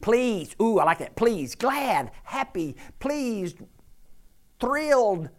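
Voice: mid-range voice, big pitch swings, takes it slowly. An older preacher giving an interactive sermon in a church, questioning the congregation, teasing and emphatic. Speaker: preacher teaching scripture.

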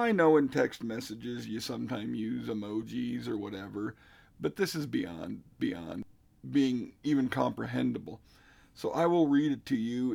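A man's voice: mid-range voice, vocal fry, a little mellow. A middle-aged man telling a story casually, recounting conversations with an exasperated manner.

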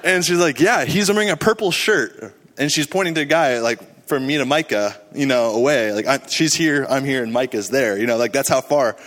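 A man recounting a trip story to a church gathering in a casual, animated way, full of fillers. His voice sits at a middle pitch. The sound rings with the long reverb of a hall. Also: fairly quick, few pauses. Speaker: mission trip team member.

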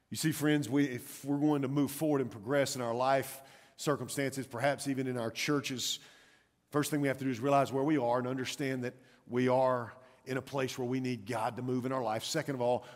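A man preaching a sermon in a church, telling a story dramatically and swinging from loud urgency to hushed intensity. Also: mid-range voice. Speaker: pastor. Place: church sanctuary. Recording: long hall reverb.

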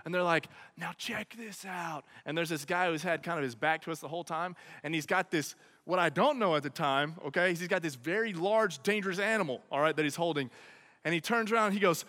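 A young man with a high, bright voice tells an animated comic story to an audience. He keeps pausing to check in with his listeners. His voice echoes through a large hall with a long reverb.

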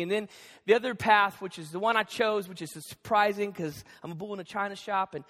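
A man preaching a sermon as pastor, animated and jokey, acting out the lines of the people in his stories. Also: sits high, brisk. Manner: animated, jokey, acts out quotes. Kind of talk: sermon with storytelling. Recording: reverberant hall.

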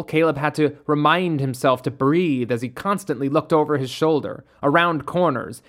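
A narrator reading a ghost story in a measured, steady way. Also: medium pitch.

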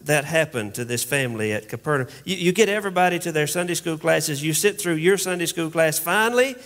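A man, a pastor, preaching a conversational sermon with humorous asides, speeding up for jokes and slowing for emphasis. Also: a little high, animated, a bit bright. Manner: conversational, humorous storytelling, pace shifting from quick asides to slow emphasis.

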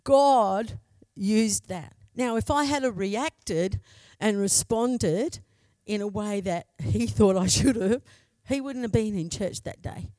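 A woman's voice: medium pitch, slow pace, mellow, no echo. Heartfelt Australian woman preaching. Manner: heartfelt, candid storytelling. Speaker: pastor's wife preaching. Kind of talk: personal testimony sermon.

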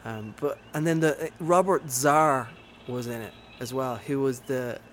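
A man's voice: medium pitch, unhurried, slight background noise. A man co-hosting a casual movie chat, enthusiastic and rambling, with many ums and uhs. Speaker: podcast co-host.

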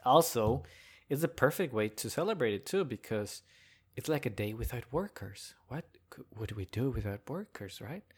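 A man's voice: mid-range voice, lively intonation, moderate pace, slightly rough. Rambling, chuckling man ranting. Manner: rambling, joking, chuckles between thoughts. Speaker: podcast host. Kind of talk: casual solo rant.

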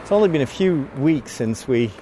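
A man's voice: fairly high pitch, animated, moderate pace, dark tone, a little hiss or hum. A man talking casually on a walking vlog, rambling and chatty with frequent laughs, a little out of breath from walking outdoors. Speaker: vlogger. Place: outdoors on a walk.

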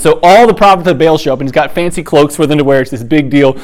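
Guy with a slightly high voice casually retelling bible stories, jokey and chatty. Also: fast, few pauses. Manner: humorous, chatty, acts out the characters' lines. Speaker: podcast host teaching the Bible.

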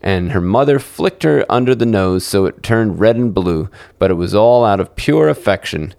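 A man's voice: lively intonation, moderate pace, gravelly, darkish tone, no room sound, studio quality. A man reading a fairy tale aloud as a storyteller, lifting his voice for the characters. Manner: acts out dialogue with lifted pitch.

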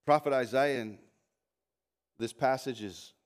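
A man preaching a sermon as lead pastor in a church, animated and full of restarts and asides, lifting his voice when reading scripture aloud. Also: medium pitch, a little slow. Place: church sanctuary.

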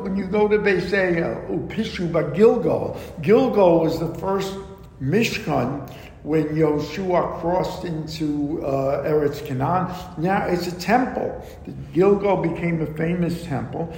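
Slow, gravelly man teaching scripture. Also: a little high, darkish tone. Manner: slow, deliberate explaining with frequent ums and asides. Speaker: Torah teacher. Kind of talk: verse-by-verse Bible lesson. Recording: echoey room with long reverb and faint background noise.

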